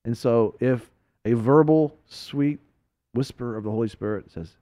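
A man's voice: mid-range voice, measured pace, warm tone, no room sound, clean studio sound. A man hosting a radio talk show, telling a story with laughs and acted-out quotes, then drawing a faith lesson from it.

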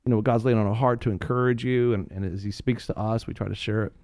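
A man's voice: on the low side, fast talker, no room sound, studio quality. Rambling, jokey man on a faith talk show. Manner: rambling, jokey, many fillers and restarts; animated storytelling. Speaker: co-host. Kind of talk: Christian talk show chat.

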